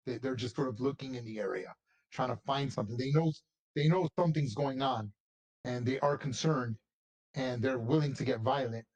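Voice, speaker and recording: A man's voice: medium pitch, moderate pace, a little mellow, lo-fi sound. A man narrating a tabletop game as game master, rambling with frequent restarts and repeated words.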